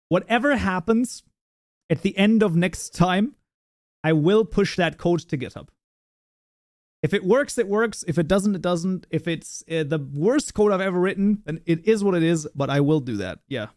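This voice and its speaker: A man's voice: high-pitched, darkish tone, dry recording, studio quality. Rambling, chuckling male streamer. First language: German. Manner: rambling, laughing often, many fillers and restarts. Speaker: livestream host. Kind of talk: casual live chat with viewers.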